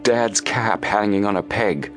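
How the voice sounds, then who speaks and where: A man's voice: fairly low pitch, a little slow, over music, pitched above the performer's own voice, natural voice. A man reading a storybook voices a determined teenage boy detective who talks firmly and tensely. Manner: firm, tense.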